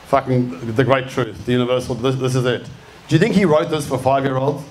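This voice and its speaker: An Australian man in his late fifties delivers a live talk at a middle pitch, blunt and forceful, peppering every point with swearing. He talks to the crowd in short punchy bursts. A faint hum of ambience sits behind him. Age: 50s. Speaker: speaker. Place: event venue with an audience.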